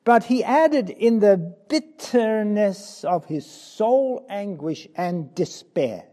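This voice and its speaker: A male preacher with a high, warm voice that climbs and falls dramatically. He speaks slowly and passionately, pressing his listeners with questions and dropping from ringing cries to hushed asides. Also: expressive. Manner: impassioned, swings from loud cries to low quiet asides. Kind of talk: sermon.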